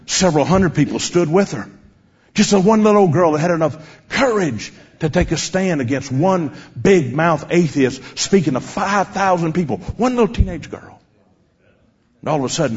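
A man's voice: a little high, expressive, normal speed, darkish tone, breathy edge. A man preaching a sermon, speaking directly and challengingly to his congregation, on a dull lo-fi recording.

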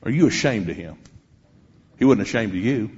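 A man's voice: on the low side, expressive, moderate pace, a little mellow, husky. A man preaching a sermon, speaking directly and challengingly to his congregation, on a dull lo-fi recording.

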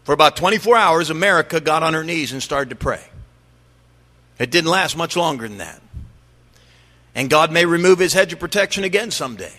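A middle-aged male pastor preaching in a church sanctuary, his voice high for a man and bright. He pushes hard on his points and then drops low again. The sound carries a long hall reverb. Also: animated, normal speed, long pauses. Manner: emphatic preaching, rising and dropping to make points. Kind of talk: sermon.

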